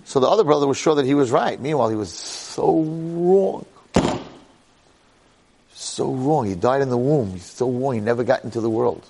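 A man giving an animated storytelling Torah lecture, repeating phrases and checking in with the listeners. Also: mid-range voice, fast, creaky, hardly any pauses.

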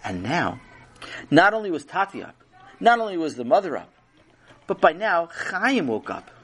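Animated man telling a children's story. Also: on the high side, moderate pace, breathy edge.

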